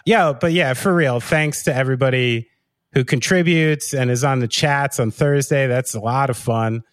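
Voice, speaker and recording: A man's voice: medium pitch, moderate pace, no echo. A man co-hosting a podcast in casual chat, rambling and enthusiastic, full of fillers. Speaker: podcast co-host.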